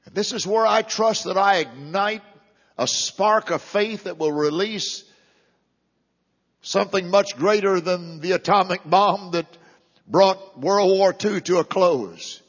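A man's voice: sits high, slow. An older male pastor preaching a sermon in a church with impassioned, rising and falling emphasis. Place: church sanctuary. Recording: dull, lo-fi, long hall reverb.

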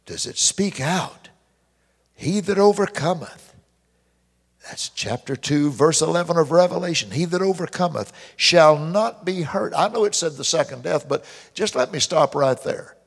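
A man preaching a sermon as pastor, stretching out key verses slowly and loudly, with dramatic emphasis. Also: gravelly, breathy edge. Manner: mimics complainers in a high whiny voice. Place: church sanctuary. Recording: long reverb of a church hall.

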